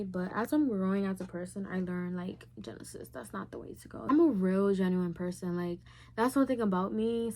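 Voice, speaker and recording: A woman's voice: medium pitch, a little mellow. Candid chatty young woman vlogger. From Puerto Rican heritage. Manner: candid and chatty, heavy use of "like". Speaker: YouTuber. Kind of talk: casual Q&A vlog.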